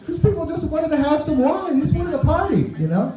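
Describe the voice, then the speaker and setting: A man's voice: very high voice, sing-song, a little fast, warm tone. A man performing a stand-up set on a club stage, chatty, tossing asides to the crowd. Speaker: stand-up comedian. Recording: roomy, dull club recording.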